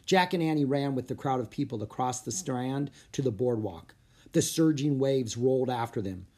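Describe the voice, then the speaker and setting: Storybook narrator, steady even reading, middle pitch. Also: normal speed, breathy edge. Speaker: audiobook narrator.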